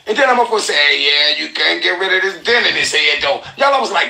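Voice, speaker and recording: A man hosting a podcast, telling a story in an animated, profane way and acting out the people he quotes. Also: high-pitched, fast, gravelly, few pauses. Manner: excitable, profane, acts out quotes. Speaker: podcast host. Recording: roomy echoey room, faint noise.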